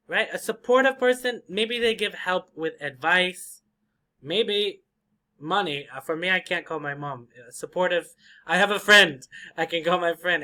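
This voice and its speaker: A man teaching an English vocabulary lesson, slowly repeating and drilling each word for learners. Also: sits high, bright, forceful tone. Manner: slow, repetitive drilling of words.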